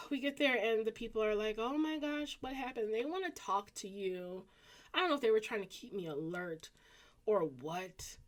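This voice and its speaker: Southern lady in her 30s spilling a story to the camera, chatty, jumps up high when she does other people's voices. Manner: animated, acts out quoted voices with pitch jumps. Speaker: vlogger. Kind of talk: casual storytelling.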